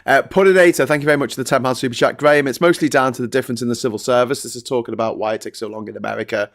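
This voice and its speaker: A man's voice: medium pitch, fairly even intonation, racing. A man hosting a casual live stream, chatty and laughing easily as he reads out viewer comments. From Britain. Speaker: host.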